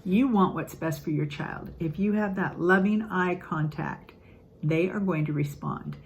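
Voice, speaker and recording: An older woman, a grandmother, giving an earnest, upbeat casual talk on parenting, acting out quotes in lively voices. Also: on the low side, measured pace, creaky, a little hiss or hum, rough recording. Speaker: parenting channel host.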